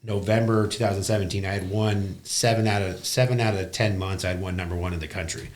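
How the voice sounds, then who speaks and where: In a casual interview, a young business owner tells his career story in a blunt, profane, animated retelling. His voice sits low and he talks at a quick pace.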